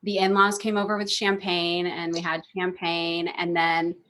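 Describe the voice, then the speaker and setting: A woman's voice: lowish voice, level tone, moderate pace, fairly bright tone. A woman in her thirties, a therapist guest, telling a personal story in casual chat, swearing freely and acting out quotes.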